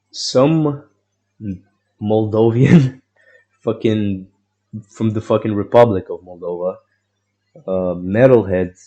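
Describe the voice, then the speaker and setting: A man's voice: fairly low pitch, dark tone. A young man telling a long personal story in a rambling, profane way, full of fillers and restarts. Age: young adult. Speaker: vlogger.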